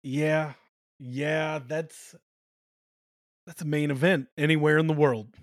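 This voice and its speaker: A man's voice: a little high, fairly even intonation, slow pace, dry recording, studio quality. A man co-hosting a podcast, telling stories in a wry, rambling, casual way. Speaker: podcast co-host. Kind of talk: casual chat.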